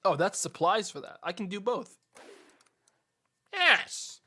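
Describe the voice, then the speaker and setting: A man's voice: high voice, big pitch swings, slow, pushed and bright. A male streamer giving profane, joking, rambling commentary while playing a game. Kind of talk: gameplay commentary.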